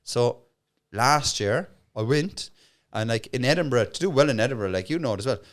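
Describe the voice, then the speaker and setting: A man's voice: medium pitch, normal speed. An Irish man, a comedian guest on a podcast, telling stories in casual chat and acting out the other people in them. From Ireland. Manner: animated storyteller, acts out voices in bursts.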